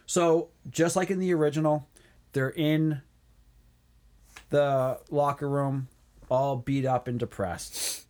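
A man's voice: a little high, steady tone, takes it slowly, long pauses, darkish tone. A man co-hosting a movie review chat, recapping scenes with lots of ums and laughter. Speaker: movie review podcast co-host. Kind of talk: casual chat.

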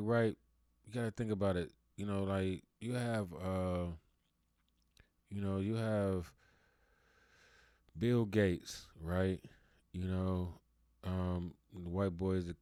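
A man's voice: deep voice, warm tone, smooth, dry recording, studio quality. A man hosting his own show and talking in a casual, rambling monologue full of "you know" fillers. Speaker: show host.

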